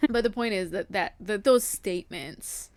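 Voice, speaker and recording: A woman's voice: mid-range voice, moderate pace, dry recording. Outspoken laughing woman, dry sound. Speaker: podcast co-host. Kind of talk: casual chat.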